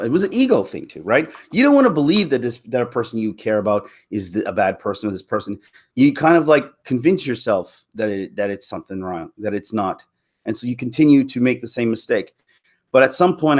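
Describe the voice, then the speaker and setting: A man on a live stream, telling a personal story to his viewers in a candid, rambling way with frequent restarts. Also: mid-range voice. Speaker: YouTube commentator.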